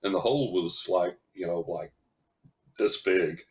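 A man, a psychic medium guest on a podcast, telling a story in an animated way and laughing as he talks. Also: low-pitched, measured pace. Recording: roomy echo.

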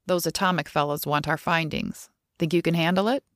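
Woman voicing a brisk droning lab boss. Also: deep voice, steady tone, no echo, clean studio sound, lightly acted. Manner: businesslike, instructing, droning. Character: brisk middle-aged male lab boss.

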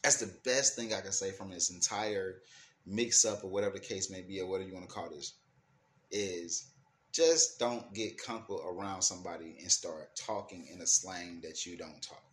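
A man's voice: sits low, moderate pace, fairly bright tone. A man speaking in African American Vernacular English, ranting casually and emphatically with profanity, restarting and repeating words as he thinks. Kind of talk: casual opinion rant to camera. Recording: echoey room with faint ambient noise.

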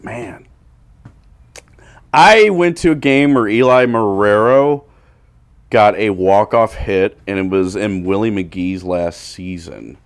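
A man with a St. Louis accent, a comedian guest telling stories on a casual podcast, bursting into shouted impressions and laughter. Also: fairly low pitch, slow, dry recording.

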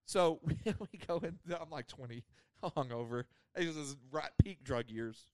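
A man's voice: on the high side, a little slow, darkish tone, dry recording, studio quality. A man, telling a rambling story on a podcast with lots of laughter. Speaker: podcast host. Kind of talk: casual storytelling.

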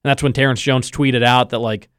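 A man hosting a casual sports podcast, spinning a story with lively energy. He acts out other people's lines as he goes. His voice sits at a middle pitch, recorded close and dry with no room sound. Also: a little fast, clean tone, dry recording. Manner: animated storyteller, acts out quotes. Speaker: podcast host.

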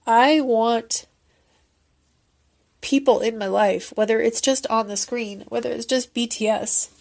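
A woman's voice: fairly high pitch, steady tone, unhurried, gravelly. A woman giving an emotional, earnest and rambling casual recap of a concert as a fan video creator.

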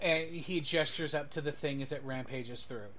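A man's voice: a little high, moderate pace, bright, forceful tone. Man narrating as game master. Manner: loose, lots of ums and uhs.

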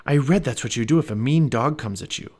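A man's voice: medium pitch, a little fast, darkish tone, husky, natural voice. A man voicing a cautious, bookish young boy in a storybook read-aloud, urgent and bossy.

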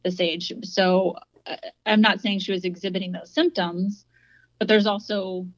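A woman co-hosting a casual discussion podcast, explaining her points in a measured way. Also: mid-range voice, steady tone, no room sound, lo-fi sound. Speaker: podcast co-host.

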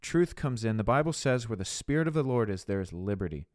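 Earnest low-voiced man preaching. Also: lively intonation, brisk, a little mellow, no room sound, clean studio sound. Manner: earnest, exhorting, addresses listeners as guys. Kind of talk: podcast sermon with spoken prayer.

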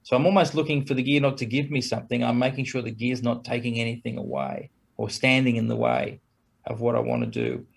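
A man's voice: medium pitch, fairly even intonation, brisk, gravelly, breathy edge. A man who plays trumpet, talking casually as an interview guest, chuckling between points and acting out quoted exchanges in a raised voice.

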